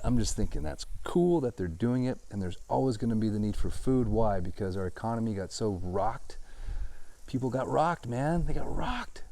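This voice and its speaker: A man's voice: lowish voice, darkish tone. A man, a real estate agent, chatting casually and jokingly on a live stream from outdoors on a hillside. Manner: chatty, jokey, upbeat.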